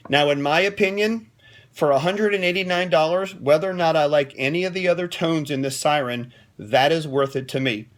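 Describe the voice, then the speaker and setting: A man's voice: on the high side, brisk. A man giving a casual, opinionated product demo from his closed office, often checking in with the viewer. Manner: chatty and opinionated, keeps checking in with "okay?". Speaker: siren dealer reviewing a product.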